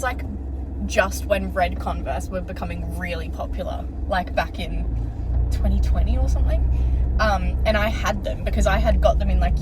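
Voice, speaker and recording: A woman's voice: on the low side, background noise. A young Australian woman vlogging casually, telling stories with lots of fillers and the odd swear word, out and about and in her car. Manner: chatty storytelling with many fillers and swearing. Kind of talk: casual vlog chat. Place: outdoors and in a car, around town.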